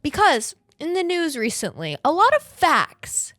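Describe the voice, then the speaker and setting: Lively, foul-mouthed young woman podcast host. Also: high-pitched, a little slow, no echo, clean studio sound. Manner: animated, rambling and profane. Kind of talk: casual podcast chat.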